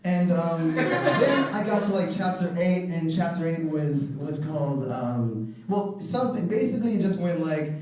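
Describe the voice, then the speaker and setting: A high-pitched man does stand-up storytelling with an animated, laughing delivery. He is picked up from a distance in a very echoey room. Clear noise runs under his voice. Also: moderate pace, few pauses. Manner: animated, laughing through jokes, mock voices in quotes. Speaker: stand-up comedian.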